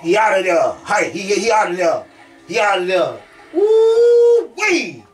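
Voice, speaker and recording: A man streams a fighting game and talks over it in loud, excitable bursts. His pitch jumps wildly, and his voice has a bright, sharp edge. He sits at a distance from the mic, so he sounds a little far off. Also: normal speed. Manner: hyped, often shouting, keeps asking "you understand me?". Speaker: gameplay streamer. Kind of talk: excited gameplay commentary.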